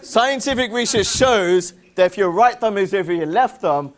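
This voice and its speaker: An English-accented man leads a lively motivational seminar in a high, bright voice. He keeps firing yes-or-no questions at the crowd and slips in teasing jokes. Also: normal speed. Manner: upbeat, drills the crowd with call-and-response questions. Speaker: seminar presenter. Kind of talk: interactive motivational seminar talk.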